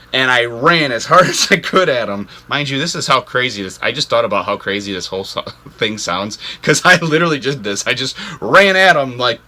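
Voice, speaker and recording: A man hosting an outdoors channel, telling a story to camera in a rambling, animated way, full of "like" fillers. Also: mid-range voice, normal speed. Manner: rambling, animated, heavy use of "like". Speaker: ice fishing channel host.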